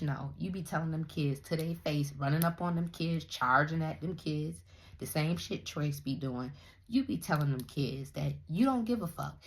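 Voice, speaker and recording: A woman's voice: low voice, darkish tone. Blunt, profane young woman ranting. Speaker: vlogger commenting on other creators. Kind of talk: casual commentary rant.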